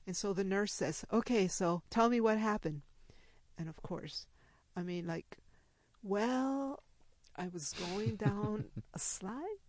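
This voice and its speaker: A woman's voice: medium pitch, slow pace, no echo. An older woman telling a personal story, laughing often and acting out what others said. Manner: animated, laughs while telling, acts out others' lines.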